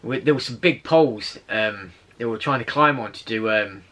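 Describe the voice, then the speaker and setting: A man tells a story from his weekend in a casual vlog. His voice is bright and forward at an ordinary pitch. He rambles, restarts, and chuckles as he goes. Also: moderate pace. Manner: chatty, rambling, laughs while telling a story. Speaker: channel host.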